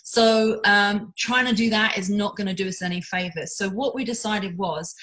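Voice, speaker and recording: A woman hosts a casual interview over a video call. She talks at a middling pitch in a loose, chatty way, full of fillers and restarts. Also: moderate pace, fairly bright tone, poor audio.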